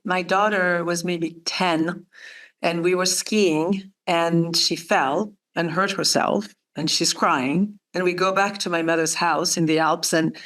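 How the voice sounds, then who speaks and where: A woman's voice: fairly low pitch, fairly bright tone. Middle-aged woman telling a personal story.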